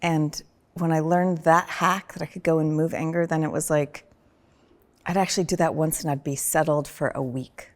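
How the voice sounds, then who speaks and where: A woman chatting on a podcast, telling personal stories in an animated way with sudden loud vocal bursts. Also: low voice, normal speed. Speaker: podcast guest, host's wife. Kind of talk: casual personal conversation.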